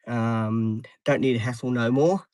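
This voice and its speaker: Man, 30s, rambling casual streamer, dry close sound, middle pitch. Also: steady tone, a little slow, darkish tone, dry recording, rough recording. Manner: rambling, repetitive, frequent ums and restarts. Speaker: live streamer. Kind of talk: casual live stream chat. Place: inside a parked van, dim light.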